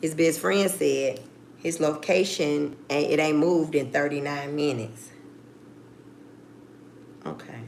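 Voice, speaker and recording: A middle-aged woman tells a story straight to her viewers in a deep voice. Her talk is blunt and full of swearing, and she acts out each phone call. Her voice has a gravelly rasp with a faint hiss behind it. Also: fairly even intonation, measured pace. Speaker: vlogger. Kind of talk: casual storytelling.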